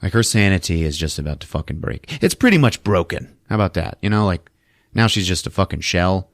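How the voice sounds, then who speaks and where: Low-voiced man recapping a film. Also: lively intonation, brisk, no room sound, studio quality. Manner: loose, profane storytelling with lots of fillers. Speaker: podcast host. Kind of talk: casual movie recap.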